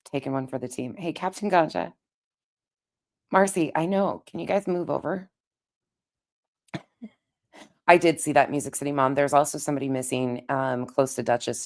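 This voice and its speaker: A woman live-streaming in a casual, chatty way, greeting viewers by name, with a raspy voice. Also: rumbling low.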